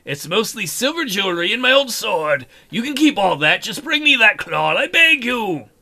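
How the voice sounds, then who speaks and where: A man voicing a humble male thrall and former outlaw in a video game, speaking softly and slowly with a pleading tone. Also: sits high, very animated, creaky, full character voice. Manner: soft, slow, pleading.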